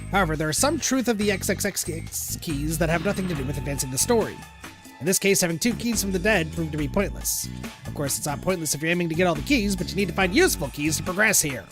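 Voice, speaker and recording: A man streaming a visual novel, reading its text aloud with animated character voices over game background music. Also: fairly high pitch, quick pace. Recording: game music playing behind.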